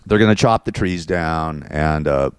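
A man's voice: extremely low pitch, unhurried, clear, resonant tone, dry recording, studio quality. A man hosting his own show, venting in a rambling, repetitive, frustrated monologue. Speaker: show host.

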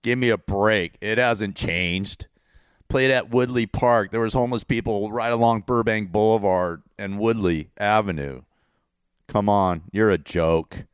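Speaking a little slowly in a smooth, lowish voice, a man from California, Californian accent and all, rants about politics straight to camera. The tone is offhand and sarcastic; he repeats himself, wanders, and chuckles at his own jokes. The audio is clean studio sound without echo.

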